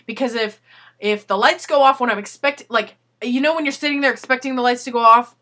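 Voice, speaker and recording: A young woman telling a story in a casual video letter, animated and swearing, acting out what people said. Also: on the high side, fairly quick. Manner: animated, swearing, acts out quotes.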